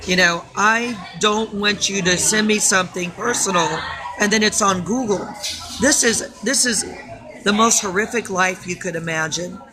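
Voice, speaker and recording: A woman's voice: mid-range voice, moderate pace, music in the background, low-quality recording. A woman vlogging into her phone, tired and rambling, with nervous laughs breaking in. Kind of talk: casual phone vlog.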